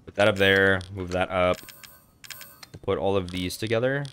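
Casually swearing male gamer, low voice. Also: steady tone, normal speed, fairly bright tone, a little hiss or hum. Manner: casual, profane, talks to himself while playing. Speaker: gaming channel host. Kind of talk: let's play commentary.

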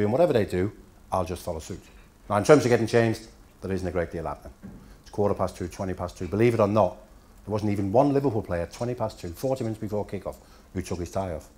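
A man in his fifties from Denmark, a Danish native speaker, telling after-dinner stories with dry punchlines at a hotel function room dinner. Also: fairly low pitch.

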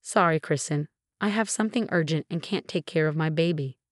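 A woman's voice: sits low, a little fast, no room sound, studio quality. A woman voicing a flippant scheming young mother.

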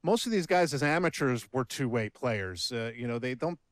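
A man explains how young ballplayers develop, pausing now and then on a filler. His voice is smooth and resonant. The sound is close and dry, with no room around it. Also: medium pitch, expressive, dry recording. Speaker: baseball analyst. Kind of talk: interview answer.

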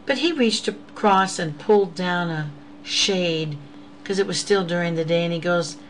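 A woman's voice: on the low side, normal speed, slight background noise, poor audio. A woman giving a personal faith testimony, earnest and intimate, often sinking to a whisper and calling listeners "beloveds.". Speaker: host of an inspirational show.

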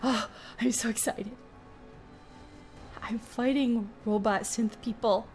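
A woman's voice: on the high side, fairly even intonation, slow, a little mellow, soft background music. A young adult woman giving casual let's-play commentary, gushing and flustered as she plays. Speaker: gameplay host.

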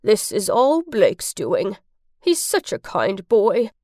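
A woman voicing a kind elderly woman in a wheelchair, speaking gently and warmly. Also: medium pitch, wildly swooping pitch, slow, no echo, studio quality. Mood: tender. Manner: gentle, warm.

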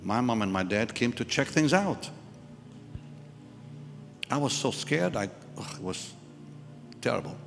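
A male preacher recounts a personal story during a live church service, performing the voices of the people in it. His mid-range voice is sing-song and creaky, measured in pace with long pauses, in a reverberant hall with music.

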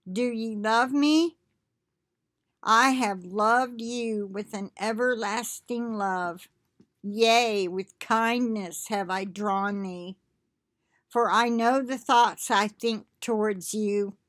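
A woman hosting an online Christian channel, reading a prophetic message aloud in a slow, solemn, devout way. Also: fairly high pitch, dry recording. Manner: slow, deliberate, devout reading with casual asides.

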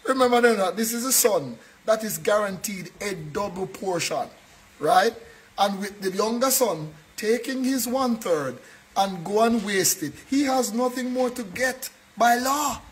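A man preaches a sermon in church. His voice sits high, and he talks earnestly, often checking in with the congregation to make sure they follow. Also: animated, measured pace, rough recording. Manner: earnest preaching, keeps checking in with a tag question. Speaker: pastor.

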